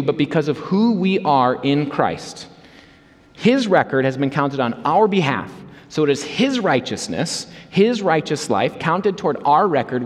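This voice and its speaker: A man's voice: fairly high pitch, long reverb tail. A man preaching a sermon as a pastor, earnest and emphatic in a conversational way.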